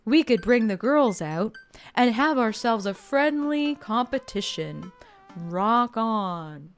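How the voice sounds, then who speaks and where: A woman voicing a friendly, laid-back adult dad in a video game, lowering her voice to sound deep but not bro-ish. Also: animated, slow pace, soft background music.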